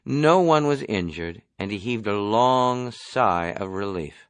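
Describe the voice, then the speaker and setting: A man reading a novel aloud as an audiobook, in a measured storytelling delivery. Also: on the low side, animated, smooth, no echo. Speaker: audiobook reader. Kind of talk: novel narration.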